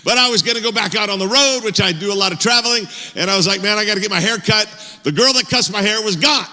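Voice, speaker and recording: A male pastor telling a story in a sermon, lively and self-mocking, with a joking way of talking. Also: high voice, fast talker, long reverb tail. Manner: animated, self-mocking humor. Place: church auditorium.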